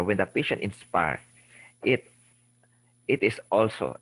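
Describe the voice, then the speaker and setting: Filipino guy, middle-aged, lecturing med students, really low voice, dry close sound, keeps saying remember and okay. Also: fairly bright tone, breathy edge, no room sound, low-quality recording. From Philippines. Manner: didactic, repeats key terms, frequent "okay?" and "remember". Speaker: lecturer, ENT surgeon. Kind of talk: recorded medical lecture.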